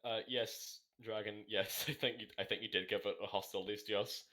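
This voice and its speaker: Man from the UK, bright and animated, swearing, laughing; voice-call podcast. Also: fairly low pitch, fairly quick. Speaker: podcast participant. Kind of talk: casual online group chat.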